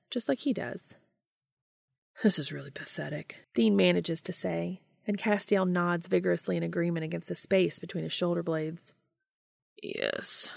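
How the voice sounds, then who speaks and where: A woman narrating a romantic fan fiction story in a soft, intimate reading voice, dropping to a hush for dialogue. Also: mid-range voice, gravelly, dry recording, clean studio sound. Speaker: fanfiction podcast reader.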